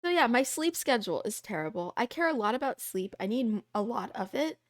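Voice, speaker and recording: A woman's voice: fairly high pitch, animated, fairly quick, dry recording, clean studio sound. A young adult woman streamer chatting casually and playfully with her live chat, rambling from topic to topic. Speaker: VTuber streamer.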